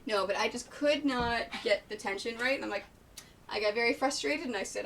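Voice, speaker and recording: Woman streamer, chatty, greets viewers while she sews; bright, fairly high voice, distant mic. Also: normal speed. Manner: chatty, thinks aloud, greets viewers by name. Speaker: live-stream quilter and pattern designer. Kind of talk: casual live-stream chat while sewing. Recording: distant mic with faint noise.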